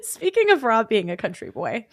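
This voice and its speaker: A woman co-hosting a podcast in a casual chat, animated, wry and quick to giggle. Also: on the high side, no room sound, studio quality. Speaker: podcast co-host.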